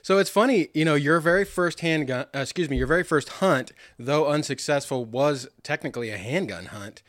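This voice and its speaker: A man interviewing a guest, often laughing and pausing on hesitant fillers as he sums up. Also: a little high, fairly bright tone, no echo, studio quality. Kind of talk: interview conversation.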